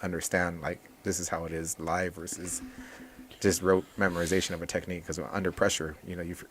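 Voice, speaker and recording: A man with a very low voice, talking casually as a podcast guest. He rambles in a relaxed way, restarting his sentences and filling pauses as he explains how he teaches. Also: a little hiss or hum. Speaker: jiu-jitsu instructor and guest.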